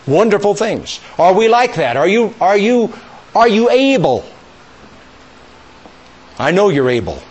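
A man preaching a sermon, emphatic and rising to near-shouts, leading call-and-response with his congregation. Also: high voice, big pitch swings, measured pace, pauses often, breathy edge.

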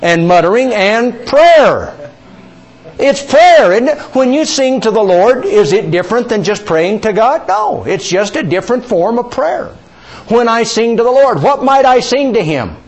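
A male pastor teaching a sermon, asking the congregation questions, repeating key words and stretching scripture quotes out slowly. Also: very high voice, big pitch swings, breathy edge.

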